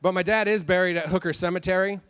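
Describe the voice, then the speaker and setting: A man's voice: sits high, fairly even intonation, fast, a bit bright, clear, resonant tone. A man doing a rambling stand-up set, talking about himself, swearing often and correcting his own jokes. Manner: rambling, self-deprecating, swears a lot. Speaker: stand-up comedian.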